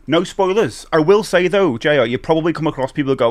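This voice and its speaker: On his live stream, this middle-aged host rambles in a chatty way, reading out the chat, responding to viewers' messages, and saying hello to them. His voice is on the high side, animated, and quick.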